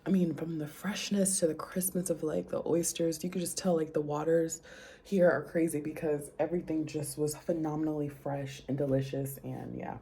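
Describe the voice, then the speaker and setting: A young woman from New Orleans, USA, a flight attendant who vlogs, speaks to the camera in a relaxed travel vlog. Her low, dark, mellow voice is gravelly with a breathy edge, moving little in pitch at a moderate pace. She's chatty and rambling, laughing often and correcting herself along the way.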